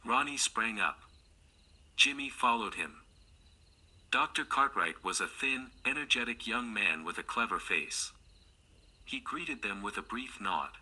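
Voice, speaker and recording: Bright, husky male audiobook narrator. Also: lowish voice. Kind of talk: scripted narration.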